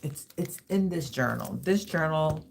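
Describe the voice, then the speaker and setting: A woman in her fifties shares personal reflections at a slow, unhurried pace. Her voice carries a gravelly, creaky texture. She halts and repeats words as she searches for what to say. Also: low voice, lively intonation, a little hiss or hum. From Los Angeles, USA. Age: 50s. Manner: halting and reflective, repeats words, soft-spoken candor. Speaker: livestream host.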